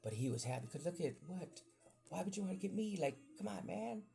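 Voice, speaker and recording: A podcast host with a high, creaky voice rambles fairly quickly through a childhood story in casual chat, animatedly acting out the voices of the people he quotes. Faint music plays behind him.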